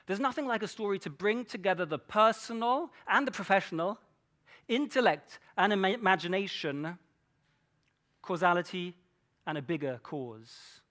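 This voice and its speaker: A man's voice: high-pitched, animated, normal speed, a bit bright. A man giving a keynote talk on storytelling to a large audience, playful and engaging, often asking the room questions. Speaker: keynote speaker. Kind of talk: conference talk.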